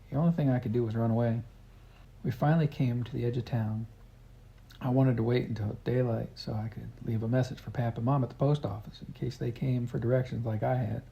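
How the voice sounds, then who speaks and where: Gravelly man reading a storybook. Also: medium pitch, mellow. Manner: earnest first-person storytelling. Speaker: audiobook reader. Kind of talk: storybook narration.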